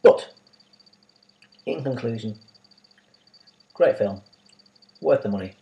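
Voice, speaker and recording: Guy ranting about a movie, mellow low-key tone, keeps asking why. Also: expressive, takes it slowly, gravelly, muffled recording. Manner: opinionated, with exasperated rhetorical questions. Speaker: film reviewer. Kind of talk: casual spoken film review.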